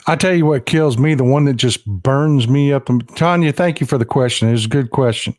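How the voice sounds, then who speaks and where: A man's voice: mid-range voice, brisk, a little mellow, no echo. A man hosts a casual political chat with a folksy, blunt delivery. His voice sounds dry, with no room around it. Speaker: host.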